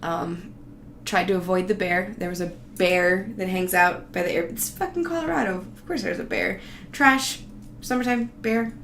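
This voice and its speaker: A woman's voice: on the low side, normal speed, vocal fry. Sweary woman telling a story, roomy sound. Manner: profane, sarcastic, rambling. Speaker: vlogger telling a travel story. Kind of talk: casual storytelling. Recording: roomy echo, faint background noise.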